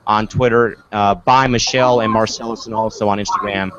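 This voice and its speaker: A man's voice: lowish voice, fairly even intonation, a little fast, a crowd in the background. Chatty sports podcast man, lo-fi call. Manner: chatty, repeats "of course" and "folks". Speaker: podcast host. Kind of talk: casual online sports show.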